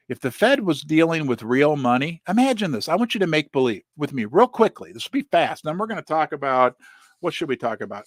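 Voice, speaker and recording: A middle-aged man hosting a casual livestream about precious metals, animated and rambling, talking straight to his viewers. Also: medium pitch, no room sound, clean studio sound. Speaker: host of a precious metals channel.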